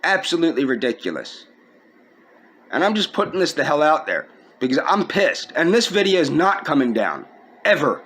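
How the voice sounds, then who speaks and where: Aggrieved man ranting, lively high voice. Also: moderate pace, a little hiss or hum. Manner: aggrieved, indignant, repeating himself. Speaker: vlogger. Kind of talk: personal video rant.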